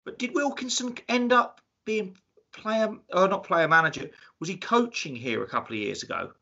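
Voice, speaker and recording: A man in a casual chat, making wry remarks and asking questions. His voice is bright and forceful. The recording is dull. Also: high voice, lively intonation, moderate pace, vocal fry.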